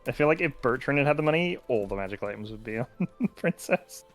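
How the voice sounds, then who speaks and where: A man's voice: medium pitch, lively intonation, fast talker, soft background music. A man chatting casually as a player before a tabletop game, dry and amused.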